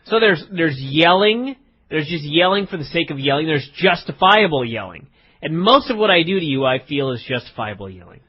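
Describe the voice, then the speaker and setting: Man, podcast co-host, slightly high, lively, teasing, mock-serious, lo-fi audio. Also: brisk, slightly rough. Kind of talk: casual comedic chat.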